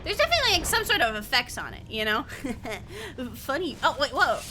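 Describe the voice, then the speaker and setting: High, lively, giggly woman streamer. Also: brisk, heavy background noise. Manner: chatty, giggly, swears freely. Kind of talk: casual game commentary.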